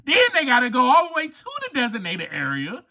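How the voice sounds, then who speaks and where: A man hosting a recovery podcast, delivering an impassioned, preachy monologue that rises to near-shouts. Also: extremely high pitch, wildly swooping pitch, brisk. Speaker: podcast host.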